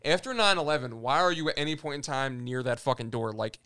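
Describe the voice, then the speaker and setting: A man's voice: medium pitch, quick pace, sharp tone, clear, resonant tone, dry recording. A man co-hosting a casual podcast chat, swearing freely and trading sarcastic banter with his friends. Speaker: podcast co-host.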